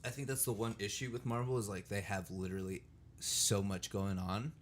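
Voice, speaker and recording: A man's voice: fairly low pitch, fairly quick, a little hiss or hum. A young man co-hosting a podcast, joking animatedly and swearing a lot in casual chat. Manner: animated, profane, jokey. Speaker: podcast co-host.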